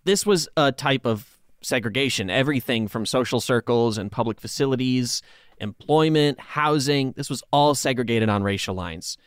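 A man's voice: mid-range voice, normal speed, clear, resonant tone, dry recording, clean studio sound. A man co-hosting a podcast, telling history casually with profane, sarcastic asides. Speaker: podcast co-host.

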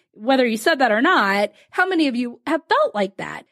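A woman hosting a solo podcast, telling a story to her listeners in an animated way and laughing often. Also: on the high side, moderate pace, few pauses. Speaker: podcast host and business coach.

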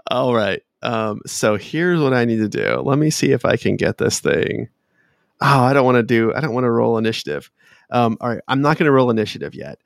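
A man's voice: medium pitch, big pitch swings, brisk, creaky, no echo, studio quality. A man narrating as game master of a tabletop game, talking hesitantly with many fillers.

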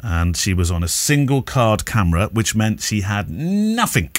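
A man's voice: on the low side, wildly swooping pitch, normal speed, no echo. A man co-hosting a casual photography podcast, giving wedding advice in a chatty way and laughing easily.

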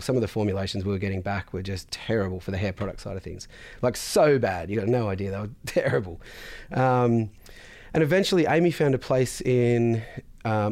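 A man's voice: on the low side, warm tone. Chatty man telling a story. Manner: chatty, swears freely, laughs often. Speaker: podcast guest, business founder. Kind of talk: casual storytelling.

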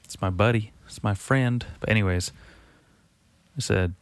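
Rambling low-voiced man in a dry room. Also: moderate pace, no echo. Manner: rambling and confessional, heavy swearing and filler words. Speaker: podcast host. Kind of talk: late-night solo podcast monologue. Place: darkened room lit by Halloween lights.

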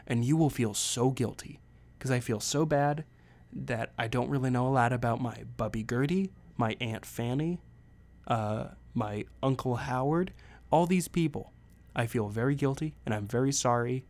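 A man's voice: mid-range voice, normal speed, darkish tone. A man hosting a podcast, reviewing a movie in a chatty, rambling solo talk with playful asides. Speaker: podcast host. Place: saw movie at Temple theater.

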